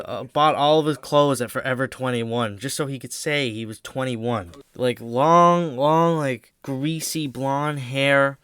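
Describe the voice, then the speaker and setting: A man's voice: mid-range voice, fairly even intonation, unhurried, hardly any pauses, fairly bright tone, smooth, no echo. Rambling, joking teenage guy telling a story. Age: teens. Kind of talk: casual storytime vlog.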